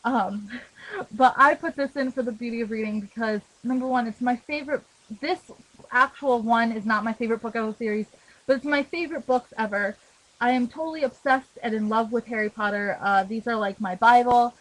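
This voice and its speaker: Young woman earnestly chatting about books, fairly high. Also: brisk, a bit bright, poor audio. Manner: earnest, many fillers and restarts. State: emotional, holding back tears. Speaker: book vlogger. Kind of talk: casual talk to camera.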